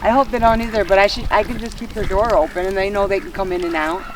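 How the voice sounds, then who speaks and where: A woman's voice: medium pitch, fairly even intonation, fast, noisy background. A woman vlogging casually about farm chores outdoors, cheerful and talkative. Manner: cheerful, coaxing the animals. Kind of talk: casual chat while doing farm chores.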